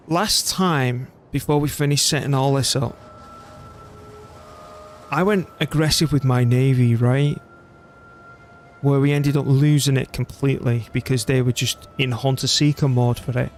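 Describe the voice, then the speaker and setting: A man's voice: medium pitch, unhurried, pauses often, a little hiss or hum. A middle-aged British man chatting and rambling casually while streaming a strategy game. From Britain. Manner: rambling, chatty, self-deprecating. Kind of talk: casual gameplay commentary.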